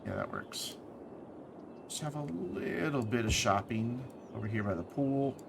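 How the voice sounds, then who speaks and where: Man, tired streamer, gravelly, lively pitch, thinks aloud while building, noisy home recording. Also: a little slow. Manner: thinks aloud, self-correcting. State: tired, with hiccups. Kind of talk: casual gameplay commentary.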